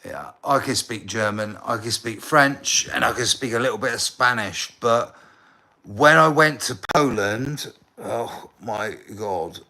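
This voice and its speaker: A man from England, chatting casually on a live stream, rambling and halting, often calling the viewer mate. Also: medium pitch, vocal fry, pushed and bright. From southern England. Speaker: livestreamer.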